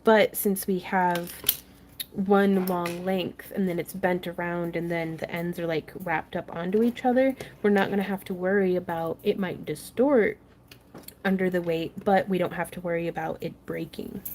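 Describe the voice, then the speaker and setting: A woman's voice: fairly low pitch, fairly even intonation, normal speed, a little mellow, a little hiss or hum. A young woman hosting a casual craft tutorial livestream, chatting, laughing often and reading viewer comments aloud as she works.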